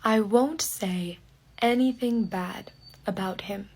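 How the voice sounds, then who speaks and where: A woman telling a personal story very slowly in short, separate phrases, often dropping to a breathy half-whisper. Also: mid-range voice, a little mellow. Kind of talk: slow personal storytelling for learners.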